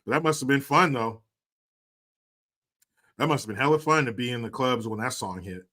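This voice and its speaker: A man's voice: medium pitch, normal speed, pushed and bright. Jokey, profane man in his forties. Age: 40s. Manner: jokey, profane, laughs often. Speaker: live stream host. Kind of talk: casual live stream chat, reading viewer comments.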